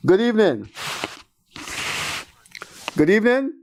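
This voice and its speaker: A man's voice: sits high, sing-song, takes it slowly, background noise. An older man with a Guyanese accent hosting a call-in show, talking in exasperated, rambling commentary. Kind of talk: call-in radio talk.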